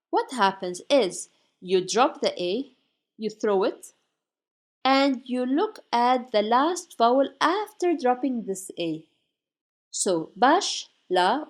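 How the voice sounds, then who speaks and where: A woman teaching Turkish grammar from slides, saying each example word slowly and carefully. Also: on the high side. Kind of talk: slide-based grammar lesson.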